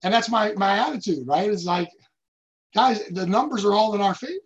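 An American sales team leader with a high, expressive voice speaks briskly in an emphatic motivational talk. He tells stories and acts out the quotes, captured on a dull lo-fi recording.

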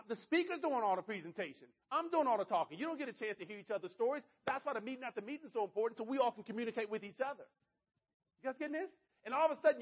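A man giving an energetic motivational talk to an audience, often checking that his listeners follow him. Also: very high-pitched, husky. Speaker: motivational speaker. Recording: dull lo-fi recording.

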